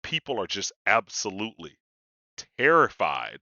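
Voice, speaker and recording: A man's voice: lowish voice, wildly swooping pitch, moderate pace, bright, forceful tone, dry recording, highs cut off. A man co-hosting a podcast, chatting casually about a comic book with many "like"s. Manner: casual and conversational, uses "like" often. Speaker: podcast co-host. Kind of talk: casual discussion of comics and psychology.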